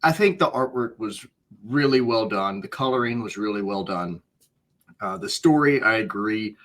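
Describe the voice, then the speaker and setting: A man with a mid-range, bright voice reviews comic art in a relaxed, hesitant way, full of ums. His pitch moves in a lively way. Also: moderate pace. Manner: animated, hesitant with many ums, playful. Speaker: podcast co-host and voice actor. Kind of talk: casual comic book review chat.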